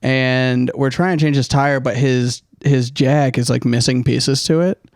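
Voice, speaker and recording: A man in his twenties co-hosting a podcast, telling a rambling story and often laughing. He quotes other people in a high put-on voice. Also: steady tone, measured pace, no room sound, studio quality. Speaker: podcast co-host. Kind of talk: casual storytelling chat.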